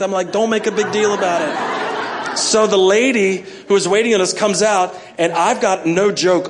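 A man's voice: fairly high pitch, slight background noise. A middle-aged man, preaching a sermon and telling stories with self-mocking humor and acted-out asides. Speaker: pastor.

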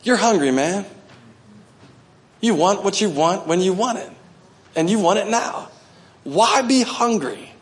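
Fiery preaching man, fairly high voice. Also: measured pace, pauses often. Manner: animated preaching, acting out voices, swings from loud to hushed. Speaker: pastor. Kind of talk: sermon. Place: church.

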